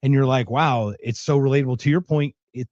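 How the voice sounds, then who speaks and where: Podcast host, male, from Philadelphia; talkative and excitable, dry slightly muffled sound. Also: mid-range voice, a little fast, no echo. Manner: energetic, chatty, excitable. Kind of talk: casual interview chat.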